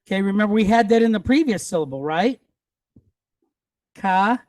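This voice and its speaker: A man teaching a Hebrew reading lesson, patiently spelling out letters and vowels and repeating each word slowly. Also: sits high, lively intonation, a little mellow, dry recording, studio quality. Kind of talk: classroom teaching.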